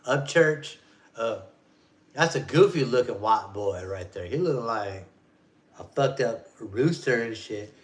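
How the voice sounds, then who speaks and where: A man's voice: medium pitch, animated, takes it slowly. A man in his forties ranting casually on a vlog, rambling and profane, in loose street slang. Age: 40s. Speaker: vlogger. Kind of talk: casual rant.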